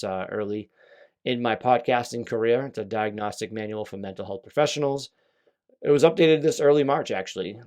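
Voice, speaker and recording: Young male podcast host, solo casual chat, rambling and self-mocking, mid-pitched voice. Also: darkish tone. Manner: rambling, self-deprecating, chatty asides.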